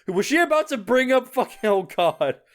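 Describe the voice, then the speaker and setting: A young man playing through a visual novel, reacting in an animated, flustered way with frequent laughs and swearing. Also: very high-pitched, moderate pace. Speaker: gaming YouTuber. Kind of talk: visual novel playthrough commentary.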